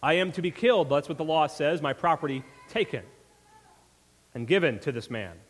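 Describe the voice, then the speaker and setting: Brief: a man as an earnest young queen, lively delivery, long reverb. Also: fairly high pitch, moderate pace. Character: brave young queen confessing.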